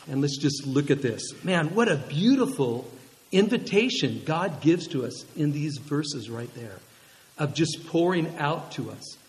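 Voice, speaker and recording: Animated high-voiced preacher in a reverberant hall. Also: male voice. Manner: lively, animated storytelling with audience questions. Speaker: pastor. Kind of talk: sermon.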